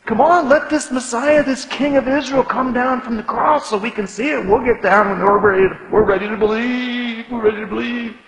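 Guy putting on a sneering mob, yelling way up high and taunting, big echoey hall. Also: normal speed, hardly any pauses. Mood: jeering. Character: jeering male crowd mocking a dying man. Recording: echoey hall with long reverb.

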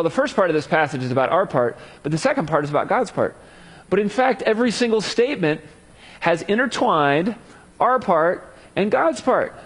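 A man giving a conversational Bible teaching, casual in his asides and animated when he reads scripture aloud. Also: a little high, slightly rough. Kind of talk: conversational sermon. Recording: long hall reverb.

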